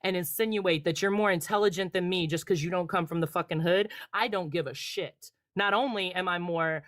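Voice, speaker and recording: A woman's voice: on the low side, dry recording, studio quality. A woman in a live-stream debate, cutting and profane as she tears into her opponent. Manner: profane, cutting, fast-escalating. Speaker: debate guest.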